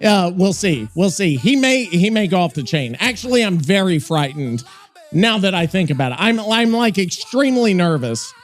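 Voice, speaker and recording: A man hosting a podcast in casual chat, rambling, swearing and excitable. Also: high-pitched, normal speed, faint music behind. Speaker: podcast host.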